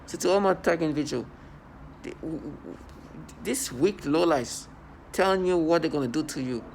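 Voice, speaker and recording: At home indoors, a defiant vlogger delivers an angry monologue straight to the camera, his somewhat high voice heavily gravelly yet a little mellow. He speaks at a moderate pace with scorn, stumbling, restarting and repeating words, while traffic hums faintly in the background.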